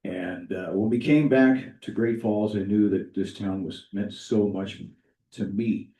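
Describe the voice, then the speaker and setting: A middle-aged man from Washington State speaks as a candidate at a public townhall. His voice is very dark and low, delivered with a broadcaster's measured cadence. He sounds set back from the mic in an echoey hall. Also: fairly even intonation, recorded from a distance. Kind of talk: prepared campaign speech.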